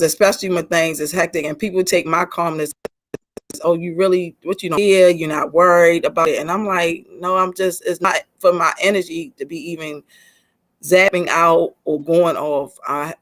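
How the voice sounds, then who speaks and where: A woman hosting a casual leadership session over a video call, chatty and candid, speaking straight to the group. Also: lowish voice. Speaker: host leading a leadership session.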